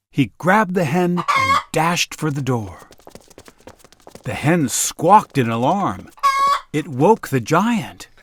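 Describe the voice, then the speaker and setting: Man, children's story read-aloud, very slow, lively pitch, faint background hiss. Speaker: narrator.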